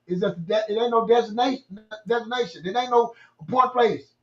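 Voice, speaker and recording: A man's voice: very high-pitched, a little fast, echoey room, dull audio. A man co-hosting a casual motivational faith talk, emphatic and preachy, telling stories with repeated phrases.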